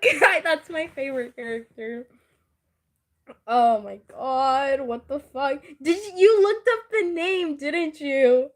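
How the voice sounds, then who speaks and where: A high-pitched woman chatting casually, drawn out and unhurried in her delivery. She giggles often and teases her friend, swearing freely. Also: expressive. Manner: giggly, teasing, laughs often. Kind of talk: casual chat.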